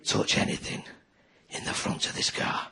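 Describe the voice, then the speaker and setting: A man voicing a stern, menacing 1970s father with a Manchester accent, who speaks in a slow, hushed, near-whispered threat.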